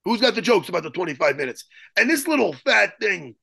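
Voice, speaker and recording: A man telling a story as a guest in an interview, excitable and profane, rambling and restarting his sentences. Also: high voice, a little fast, vocal fry, slightly rough, dry recording. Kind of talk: animated storytelling in a podcast interview.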